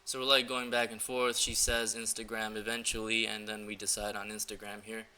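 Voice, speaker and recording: Bright-toned, flat young man. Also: fairly low pitch, fairly quick, a little hiss or hum. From United States. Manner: loose and filler-heavy, with chuckles. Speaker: dating coach. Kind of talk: casual screen-recording walkthrough.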